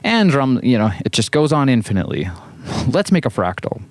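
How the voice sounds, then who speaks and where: A man's voice: medium pitch, very animated, moderate pace, no room sound. A man hosting a hands-on synth demo, talking casually in a playful, joking way with rambling asides. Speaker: host and synth musician.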